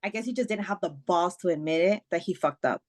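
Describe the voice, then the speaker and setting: A woman with a slightly low voice talks through a personal story as a guest on a podcast. Her delivery is chatty and full of fillers. Strong language comes out without a second thought. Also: quick pace, a little mellow. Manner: emotional retelling, swears freely, many fillers. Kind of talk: casual storytelling chat.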